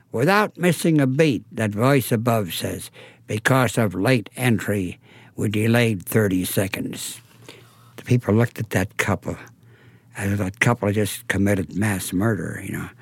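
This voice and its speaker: A man's voice: mid-range voice, no room sound. A talkative man telling a story in an archived interview, theatrical and acting out the voices. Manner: theatrical, acts out voices and drops to near silence for effect; talkative, self-described gabby. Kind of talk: animated storytelling.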